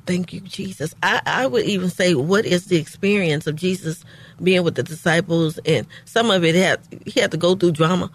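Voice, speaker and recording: A woman hosting a faith-based radio talk show from a recording studio, speaking earnestly and affirming warmly. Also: lowish voice, breathy edge. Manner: earnest and heartfelt, quick to affirm. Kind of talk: faith-based casual chat.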